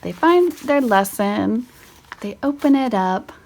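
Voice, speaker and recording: A woman's voice: fairly high pitch, lively intonation, slow, darkish tone. A middle-aged woman walking through a homeschool spelling lesson, thinking aloud and correcting herself as she goes. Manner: thinking aloud, self-correcting, chatty asides. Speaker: homeschool teacher. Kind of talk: casual spelling lesson walkthrough.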